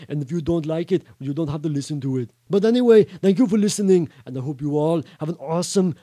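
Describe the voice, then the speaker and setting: A man putting on a bragging Austrian-accented action hero, stammering and ad-libbing, mellow and fairly high, dry sound. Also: no echo, close to an everyday voice. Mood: boastful. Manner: halting, full of stammered fillers and ad-libs. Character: boastful male action-star bodybuilder, excitable and rambling. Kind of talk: comic impression reading a novel aloud.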